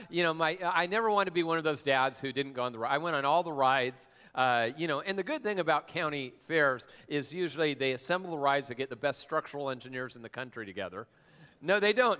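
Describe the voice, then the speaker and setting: A man's voice: a little high, sharp tone, clear, resonant tone. A middle-aged man preaching a sermon as pastor, telling stories in a loose, joking, conversational way. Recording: long reverb of a large hall.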